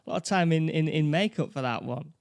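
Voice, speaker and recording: A man's voice: fairly high pitch, a little fast, creaky, clear, resonant tone, no room sound. A man with a Northern English accent, co-hosting a podcast and chatting casually about a film, agreeing and laughing along. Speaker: podcast co-host.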